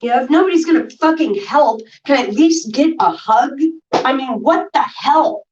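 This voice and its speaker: A woman's voice: high voice, lively intonation, moderate pace. A woman ranting to her viewers on a livestream, irritated and swearing. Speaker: vlogger. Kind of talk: casual livestream talk to viewers. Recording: distant dull lo-fi audio.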